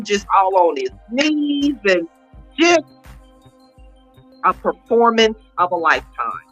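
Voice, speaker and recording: A woman's voice: mid-range voice, measured pace, dull audio, soft background music. A woman in her late forties, an interview guest, telling her personal story candidly and acting out quoted dialogue. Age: 40s. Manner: animated, emphatic retelling with quoted dialogue.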